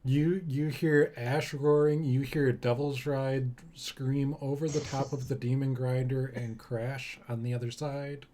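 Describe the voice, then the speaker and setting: A man narrating as game master of a tabletop game, pausing often with ums. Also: medium pitch, flat delivery, warm tone. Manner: hesitant, with frequent ums.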